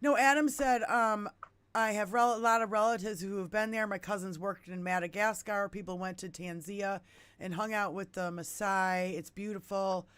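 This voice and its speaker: A woman in her fifties from the United States hosting a podcast, telling stories in an animated way and swearing freely. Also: mid-range voice, normal speed, clear, resonant tone, no room sound. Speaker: podcast host. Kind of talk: casual chat.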